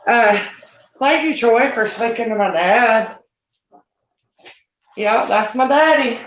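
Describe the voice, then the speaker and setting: A woman's voice: on the high side, slow. A woman chatting folksily with viewers while she cleans at home, a little out of breath. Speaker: vlogger. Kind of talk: casual live-stream chat while cleaning. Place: home, indoors. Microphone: phone set down while she moves around. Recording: roomy, dull phone audio.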